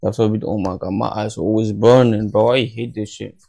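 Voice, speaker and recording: A man's voice: lowish voice, steady tone, brisk, creaky, warm tone, slightly rough. A tired, half-asleep young man hosting a late-night livestream at home, rambling in slangy casual chat. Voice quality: tired, drowsy, mumbling. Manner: slangy, rambling, self-talking. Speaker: livestream host. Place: home bedroom.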